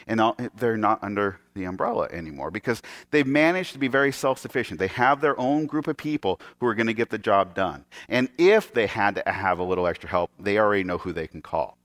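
A man preaching a sermon as a pastor, telling an animated story, acting out the voices of the people in it and often restarting his sentences. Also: fairly low pitch, fairly quick, hardly any pauses. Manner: animated storyteller who acts out quoted voices; frequent stammered restarts.

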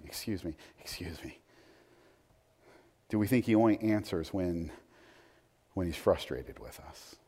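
A man's voice: on the low side, a little mellow. A man preaching a sermon in a conversational way, with frequent restarts and asides. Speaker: pastor. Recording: long hall reverb.

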